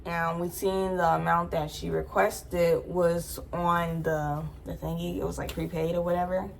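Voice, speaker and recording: A woman's voice: fairly low pitch, little pitch movement, a little slow, creaky, a little hiss or hum. Chatty young woman telling a storytime. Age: young adult. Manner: chatty, full of "like" fillers. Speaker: vlogger. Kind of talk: casual storytime.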